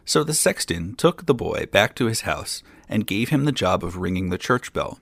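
Male storyteller, fairy tale reading, low and gravelly, measured. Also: animated, fairly bright tone, no echo.

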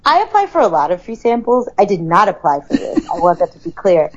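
A woman's voice: fairly low pitch, sing-song, fast talker, muffled recording. A woman co-hosting a podcast, telling a story in casual chat with an exasperated, profane manner. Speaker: podcast co-host.

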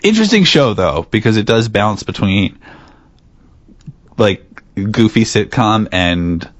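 A man's voice: fairly low pitch, lively intonation, slow, dry recording, lo-fi sound. A man co-hosting a podcast in casual chat, rambling and teasing with many fillers. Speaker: podcast co-host.

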